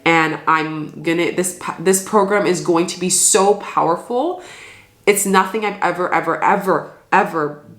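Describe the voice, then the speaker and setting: A woman's voice: lowish voice, a little slow, fairly bright tone, roomy sound. A woman giving an earnest, soothing spiritual card reading, often restarting her sentences. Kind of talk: casual spoken card reading.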